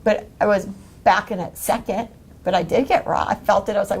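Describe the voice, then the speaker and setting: Lady running a coaching workshop, lots of energy, laughs a lot, acts out little quotes, middle-pitched voice. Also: fairly quick, darkish tone, slightly rough. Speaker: workshop leader.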